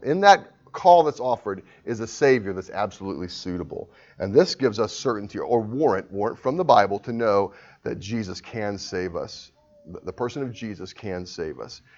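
A man preaching a sermon in an earnest, emphatic way, swinging between quiet reasoning and forceful pleas. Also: fairly low pitch. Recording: dull lo-fi sound.

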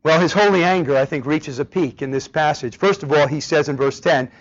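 A man's voice: a little high, fairly quick. A man preaching a sermon with emphasis, often asking the congregation rhetorical questions. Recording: dull lo-fi recording.

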